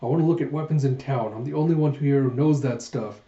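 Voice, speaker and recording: A man's voice: mid-range voice, quick pace, warm tone, close to an everyday voice. A man doing a blunt young bodyguard. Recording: echoey room, dull sound.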